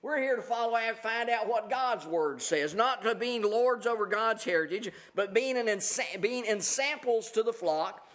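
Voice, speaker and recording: High-voiced man preaching a folksy sermon. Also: lively intonation, moderate pace, few pauses, fairly bright tone. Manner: conversational preaching, reading scripture aloud with many fillers. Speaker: pastor.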